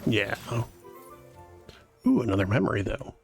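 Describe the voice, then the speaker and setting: A man's voice: on the low side, big pitch swings, measured pace, vocal fry, husky, soft background music. A man streaming a video game live, chatting casually and rambling to his viewers as he plays. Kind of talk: casual live-stream chat while playing.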